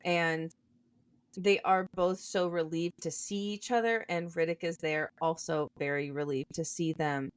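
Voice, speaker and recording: A woman's voice: fairly low pitch, steady tone, a little slow, smooth, no room sound. A young woman co-hosting a podcast, chatting casually about a book and thinking her points through aloud. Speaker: podcast co-host.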